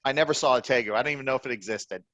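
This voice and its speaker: A man's voice: medium pitch, racing, a bit bright. A man in his fifties telling blunt, profane stories as a guest in a casual chat. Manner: blunt, profane, laughing storyteller. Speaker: reptile breeder guest. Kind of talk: casual storytelling.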